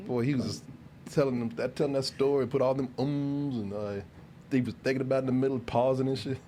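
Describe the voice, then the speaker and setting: A man's voice: medium pitch, fairly quick, warm tone, slight background noise. A man hosting a podcast, telling stories in a rambling, casual way with restarts and laughter. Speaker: podcast host. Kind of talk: casual chat.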